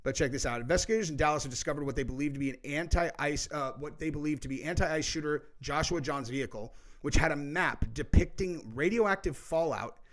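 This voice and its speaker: A man's voice: fairly high pitch, fairly quick, hardly any pauses. A man hosting a political commentary show, talking in a heated, rambling way with lots of swearing and "dude". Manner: heated, profane, says "dude" often; rambling, with many fillers and restarts.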